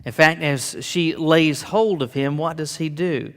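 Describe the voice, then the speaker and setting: A man's voice: on the high side, unhurried, fairly bright tone, in a large hall. A man preaching a sermon as pastor, earnest and rising to emphatic declarations, often repeating words as he builds.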